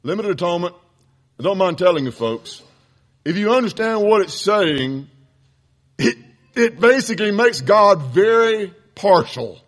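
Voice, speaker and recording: Brief: preacher, high-pitched man, blunt and fired up, reading quotes then arguing back. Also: expressive, unhurried. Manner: impassioned, blunt, addresses listeners as folks. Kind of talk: sermon lesson.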